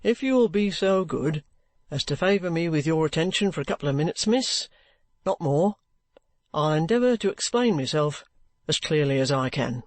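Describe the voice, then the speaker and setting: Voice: medium pitch, lively intonation, moderate pace, dry recording, lightly acted. A reader voicing a bluff former soldier who is under arrest and speaks plainly, politely and stubbornly. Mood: firm.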